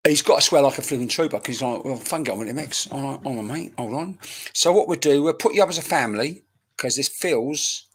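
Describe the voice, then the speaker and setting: A man's voice: medium pitch, husky. Rambling man giving a live reading. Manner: chatty, rambling, bantering, swears casually. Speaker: medium. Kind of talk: live-streamed mediumship reading. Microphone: webcam mic.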